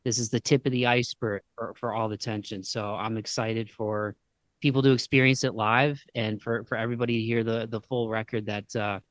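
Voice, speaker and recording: A man's voice: fairly low pitch, level tone, fairly quick, no echo. A man with a Midwestern accent hosting a podcast, chatting casually with lots of slang. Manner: laid-back, slangy, says "dude" and "man" often. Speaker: podcast host. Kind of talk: casual interview chat.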